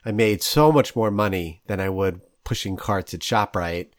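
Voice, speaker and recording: A man's voice: lowish voice, moderate pace, no echo, clean studio sound. A man, hosting a casual interview and telling stories with laughs. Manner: storytelling, animated, laughs often. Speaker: podcast host.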